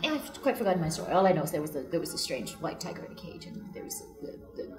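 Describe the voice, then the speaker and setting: A woman voice actress telling funny stories in a casual convention interview, animated and laughing as she acts out people's voices. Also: on the low side, very fast, over music. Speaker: voice actress guest. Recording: echoey room.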